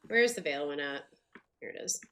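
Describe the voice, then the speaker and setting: A woman with a deep, bright, forceful voice streams a game, chatting casually and thinking aloud with plenty of fillers. She's animated, talks at a moderate pace, and has the hiccups throughout her gameplay commentary.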